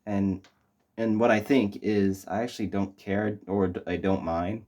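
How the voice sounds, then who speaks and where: A young man with a low, mellow voice talks through a movie review. He rambles casually, full of ums, likes and restarts. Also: steady tone, unhurried. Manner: rambling, many fillers and restarts.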